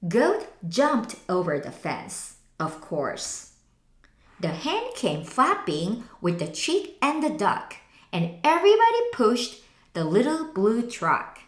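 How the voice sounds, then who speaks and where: A woman teacher reading a picture book aloud slowly, in an expressive sing-song way. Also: medium pitch, roomy sound. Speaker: English teacher.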